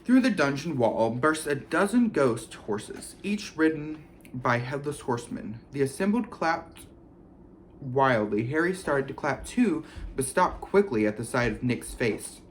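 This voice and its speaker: A man reading a children's fantasy novel aloud, expressive and storytelling. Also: medium pitch, a little slow, slight background noise. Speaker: reader. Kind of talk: audiobook reading.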